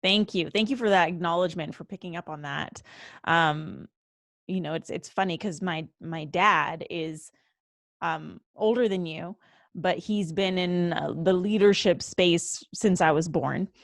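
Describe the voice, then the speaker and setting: A young adult woman hosting an interview, asking thoughtful, measured questions. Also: fairly low pitch, gravelly, dry recording, studio quality. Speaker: host.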